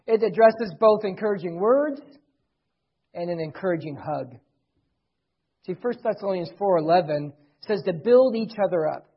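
A middle-aged man preaching a sermon as pastor, earnestly, swelling loud and then dropping soft. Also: sits high, animated, moderate pace, husky. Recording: dull lo-fi recording.

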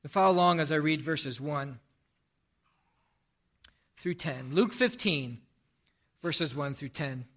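A man's voice: on the high side, slow, long pauses, fairly bright tone. A male pastor giving a sermon, telling a story and reading scripture aloud.

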